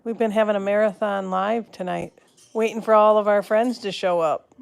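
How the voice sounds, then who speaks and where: A woman's voice: mid-range voice, steady tone, moderate pace, gravelly, clean tone. A woman hosting a casual live stream from home, rambling, breaking off mid-word and talking to her pets. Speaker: live-stream host chatting with viewers.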